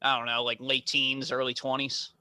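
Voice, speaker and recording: A young man co-hosting a podcast, telling childhood stories in casual chat with quick laughs. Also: mid-range voice, dry recording. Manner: animated storytelling, quick laughs. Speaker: podcast co-host.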